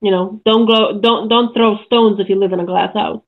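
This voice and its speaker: A woman joins a casual podcast as a guest, speaking in a dry, relaxed way. Her mid-pitched voice has a gravelly fry. She sounds thin and tinny, as if heard over a phone line. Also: moderate pace.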